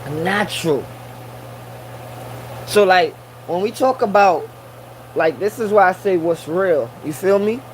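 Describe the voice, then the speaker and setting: A man's voice: high voice, animated, unhurried, long pauses, slight background noise, low-quality recording. A man in a casual monologue who preaches and repeats his points for emphasis, using Rasta slang and Caribbean English grammar.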